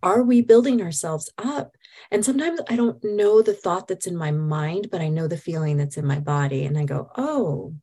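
Guest hypnotist, female, low voice, earnest and enthusiastic. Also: moderate pace, dark tone. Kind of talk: casual chat.

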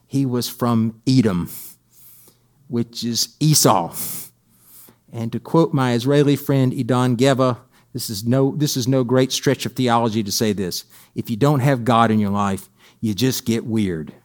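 A man's voice: mid-range voice, a little slow. A male pastor giving a sermon in a conversational way, with wry humorous asides and phrases repeated for emphasis.

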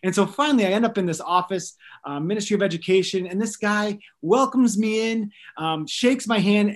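A man in his thirties, a missionary guest on a podcast, telling stories in an earnest, animated way with light jokes. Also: high voice, a little fast. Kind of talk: storytelling in a podcast interview.

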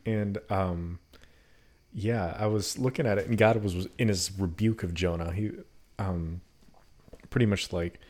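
A man in casual conversation about a Bible story, animated and quick to laugh. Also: sits low. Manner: animated, acts out quotes with laughs.

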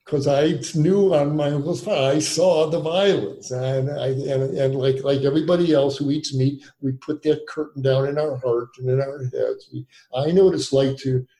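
A man's voice: mid-range voice, fairly even intonation, moderate pace, few pauses, warm tone. A man in his sixties, a physician being interviewed, telling his story in a rambling way with many restarts and fillers. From United States. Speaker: physician guest. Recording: echoey room.

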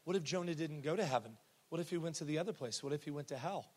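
A man's voice: a little high, very fast, natural voice. A man doing a condescending schoolteacher. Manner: condescending, hushed. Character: dismissive adult woman schoolteacher. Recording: reverberant church hall.

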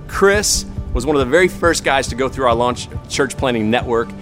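Brief: male church pastor, upbeat stage intro, clear music underneath. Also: medium pitch, animated, normal speed. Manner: upbeat, warm praise.

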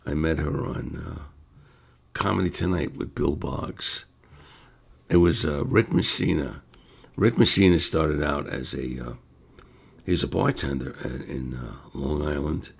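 An older man with a New York accent telling stories about his comedy career in a casual, animated way, acting out the voices of people he quotes and laughing along. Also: low-pitched, vocal fry, breathy edge. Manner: animated storyteller, acts out quotes, laughs often. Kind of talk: casual storytelling monologue.

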